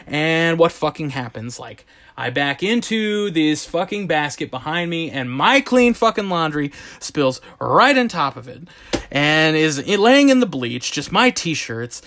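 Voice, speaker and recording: Guy with a high voice ranting about his awful day, cussing every other word. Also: a little slow. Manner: profane, exasperated, animated storytelling. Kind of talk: comedic ranting monologue.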